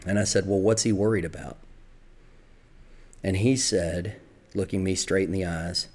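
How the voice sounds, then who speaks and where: A man's voice: sits low, normal speed, pauses often, darkish tone. A middle-aged man with a Southern American accent, telling his own recovery story in a reflective, confessional way. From Southern United States. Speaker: podcast storyteller.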